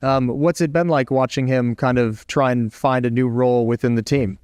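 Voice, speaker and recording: Brief: eager rambling male host, clear and dry. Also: mid-range voice, steady tone, moderate pace, a little mellow, no room sound. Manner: rambling, restarts questions, eager. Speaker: host of a comedy podcast sketch. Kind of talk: comedic mock interview.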